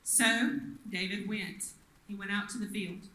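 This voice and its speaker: A woman's voice: medium pitch, steady tone, a little slow, bright, forceful tone. Woman preaching in an echoey room. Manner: storytelling, acts out the quoted people. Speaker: pastor. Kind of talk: sermon.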